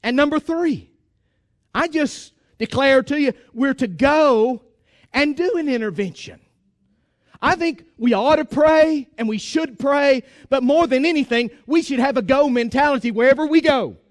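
A man's voice: extremely high pitch, a little slow, dry recording, clean studio sound. A man preaching a sermon to his congregation, emphatic and exhorting, repeating phrases for force. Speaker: pastor.

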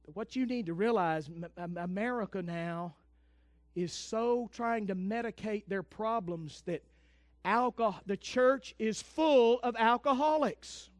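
A man preaching, his voice sitting strikingly high for a man. He delivers a fervent sermon, swinging from loud declarations down to hushed, intense asides. The recording is very dry, with no room sound at all. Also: no echo. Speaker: pastor.

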